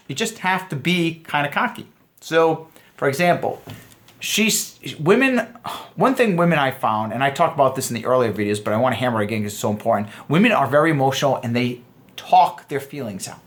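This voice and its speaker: A man in his thirties giving a casual dating lesson, animated, acting out quoted lines in shifting voices. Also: a little high, a little fast. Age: 30s. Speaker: dating coach.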